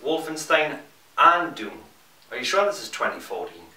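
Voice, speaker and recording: Bright-voiced Geordie man cracking wise over news. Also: medium pitch, sing-song, moderate pace. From North East England. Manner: wisecracking, mock-enthusiastic. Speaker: co-host of a gaming news show. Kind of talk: scripted comedic news reading. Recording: roomy echo, mic at a distance.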